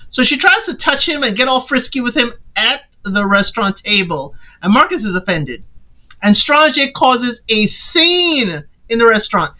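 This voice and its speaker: A woman casually recapping a film for a podcast, animated and playful, often quoting the characters in put-on voices. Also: on the high side, normal speed, poor audio.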